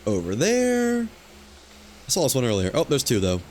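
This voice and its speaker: A man with a mid-range voice, speaking at normal speed, streams a video game and casually thinks aloud, muttering about what he's doing on screen. The mood is relaxed, and there is slight background noise.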